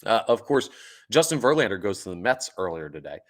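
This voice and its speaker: A man hosting a sports podcast, talking excitedly and emphatically, repeating points for emphasis. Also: fairly low pitch, brisk. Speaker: podcast host.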